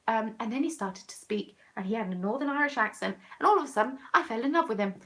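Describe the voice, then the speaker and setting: A woman's voice: fairly high pitch, expressive, brisk, hardly any pauses. A woman in her twenties with a Southern English accent, chatting casually while she knits and answers comments from viewers, self-mocking in tone. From southern England. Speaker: craft vlogger. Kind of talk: casual chat while knitting.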